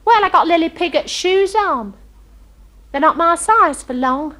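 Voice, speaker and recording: A woman's voice: very high-pitched, expressive, measured pace, bright, forceful tone, full character voice. A woman playing a chatty girl. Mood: gossipy. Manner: gossipy, breathless storytelling with ungrammatical speech. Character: chatty young working-class London girl, starry-eyed. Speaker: comic monologue performer. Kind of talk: comic character monologue.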